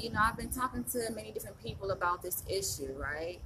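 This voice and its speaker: A woman in her thirties from the United States, talking to camera in a rambling, animated vlog monologue with frequent laughs. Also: medium pitch, normal speed, slight background noise, poor audio. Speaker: vlogger.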